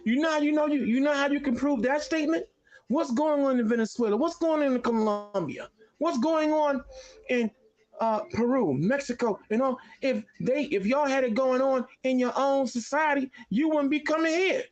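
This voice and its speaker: A man arguing on a talk show, combative, firing off rapid questions. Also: extremely high pitch, lo-fi sound. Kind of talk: heated talk-show debate.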